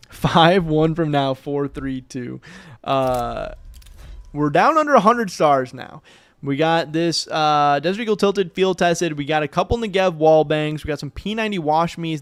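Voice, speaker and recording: A man's voice: a little high, no echo. A young man streaming live, chatting casually and thinking aloud as he goes, often correcting himself.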